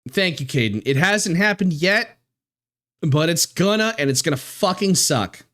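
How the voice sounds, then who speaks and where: A man streaming live, talking in a halting, emotional way with many restarts and swearing, close to tears. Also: on the high side, expressive, fairly bright tone. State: near tears. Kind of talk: casual live-stream chat.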